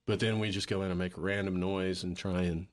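A man's voice: sits low, little pitch movement, fairly quick. A man musician chatting casually, rambling with restarts and casual swearing. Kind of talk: casual chat.

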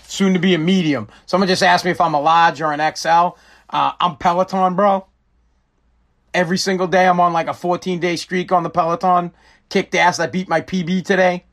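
A man's voice: high voice, steady tone, brisk, a bit bright. A man hosting a casual live-stream talk show, rambling and joking with frequent swearing. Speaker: show host.

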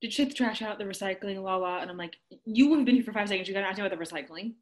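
A woman chatting casually, telling a story in an animated way, acting out quotes and laughing often. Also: medium pitch, rapid-fire. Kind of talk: casual chat.

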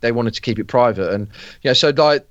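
A man talking casually on a podcast, rambling and circling back with fillers and restarts. His voice sits mid-pitch. The sound is dry and slightly muffled. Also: fast, dry recording. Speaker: podcast guest. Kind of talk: casual chat.

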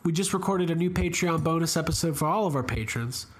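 A man's voice: fairly high pitch, fast. A man hosting a podcast, chatting casually and joking around with his co-hosts. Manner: jokey, playful impressions. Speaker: podcast host. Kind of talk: casual podcast chat with ad reads.

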